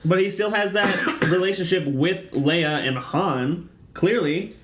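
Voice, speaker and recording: A man co-hosts a casual gaming podcast. He talks in dry, teasing banter and speaks plainly. His voice sits a bit higher than most men's. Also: takes it slowly, a bit bright. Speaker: podcast co-host. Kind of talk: casual chat.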